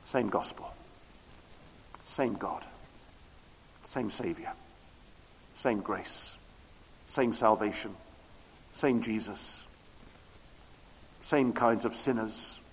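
A man preaching a sermon with emphatic repetition, moving between loud declarations and hushed low tones. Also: drawn-out words, long pauses, slightly rough. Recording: long hall reverb.

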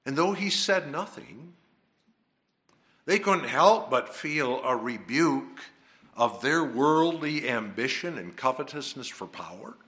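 A man preaching a sermon, emphatic and dramatic, swinging from hushed to loud. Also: mid-range voice, animated, slow.

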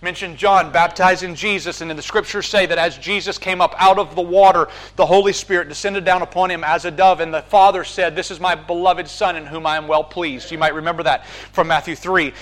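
A man preaching a sermon, building from calm scripture reading to fervent proclamation. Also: high-pitched, brisk.

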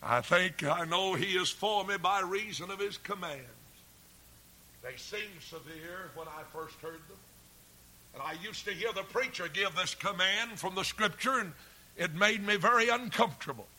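A man preaches in a high, bright, ringing voice. His delivery is folksy and earnest, with drawn-out emphasis. He sinks to near-whispers and then builds to forceful shouting. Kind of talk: sermon.

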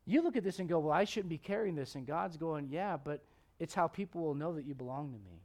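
A man preaching a sermon as pastor, conversational with jokes, swinging from loud emphatic peaks to hushed low passages. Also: lively intonation, brisk.

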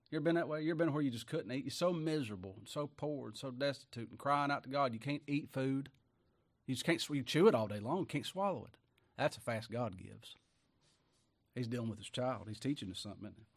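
A man's voice: medium pitch, brisk. A man preaching a sermon, reading scripture and breaking in with folksy, emphatic asides and rhetorical questions to the congregation.

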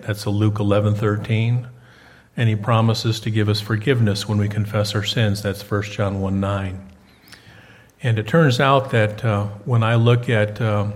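A man preaching a conversational sermon, folksy and fond of asking his listeners questions. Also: lowish voice. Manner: folksy, repeats himself, asks the congregation questions. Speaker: preacher in prison ministry.

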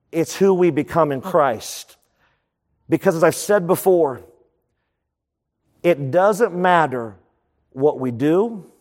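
Man preaching, fairly high voice, emphatic repetition, long echo of a church hall. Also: darkish tone. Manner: emphatic, repeats key phrases for effect. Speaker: pastor. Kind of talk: sermon.

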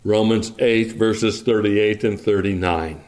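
A man preaching a sermon as pastor, reading King James scripture in a deliberate, measured way. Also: fairly low pitch, a little mellow.

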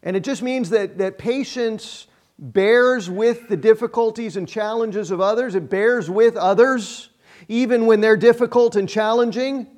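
Pastor, male, middle-aged, higher register, sermon delivered like a chat, emphatic repeats. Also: a little slow, darkish tone. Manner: conversational and self-deprecating, with emphatic repetitions.

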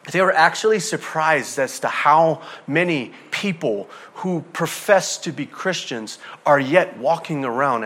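A man preaching a sermon as pastor, conversational and animated, dropping to soft asides and climbing to loud emphatic peaks. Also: medium pitch. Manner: conversational, with fillers and repeated phrases.

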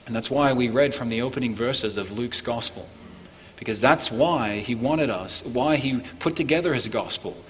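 A man preaching a Christmas sermon as pastor, earnest, climbing for emphasis and falling low and quiet on key points. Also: moderate pace, in a large hall, a little hiss or hum. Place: church.

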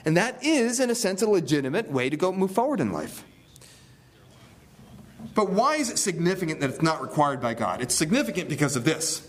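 A man's voice: fairly high pitch, big pitch swings, normal speed, long pauses. A male pastor preaching a sermon, teaching scripture with rhetorical questions and repeated key phrases.

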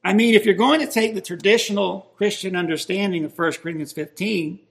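A man's voice: high-pitched, gravelly, fairly bright tone. A man preaching a sermon, emphatic and building in intensity as he stresses his points.

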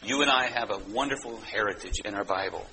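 Bright-toned preaching pastor. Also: male voice, lowish voice, a little fast, slight background noise, poor audio. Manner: conversational teaching with asides to listeners. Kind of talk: sermon.

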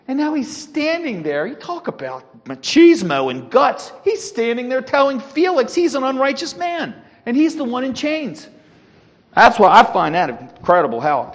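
Emphatic high-voiced man preaching in a hall. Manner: emphatic, acts out quotes with rising force. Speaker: Sunday school teacher. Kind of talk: sermon. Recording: long echo in a large hall.

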